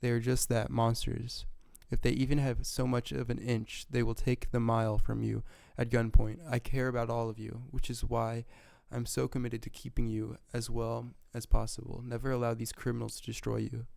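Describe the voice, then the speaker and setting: A man voicing an aging male dictator who reads a formal speech from game text in his own gravelly, flat voice. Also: medium pitch, normal speed, hardly any pauses, no room sound, lightly acted.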